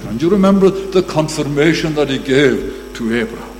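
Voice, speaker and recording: A man preaching a sermon, emphatic, swelling to loud bursts when he quotes scripture. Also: mid-range voice, a little fast, hardly any pauses. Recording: long reverb, faint hum.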